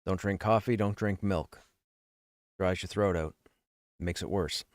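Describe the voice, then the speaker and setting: A man's voice: sits low, steady tone, measured pace, no room sound, studio quality. A man live-streaming a game, chatting casually and joking with his viewers. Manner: chatty, joking, self-deprecating. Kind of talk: casual live-stream chat while gaming.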